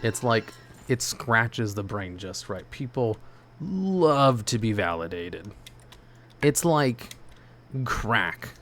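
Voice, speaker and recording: A man's voice: lowish voice, big pitch swings, slow pace, fairly bright tone, a little hiss or hum. A male streamer chatting casually with his viewers while he plays, in a laid-back, rambling way with lots of "like" and "you know". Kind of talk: casual chat while gaming, answering chat.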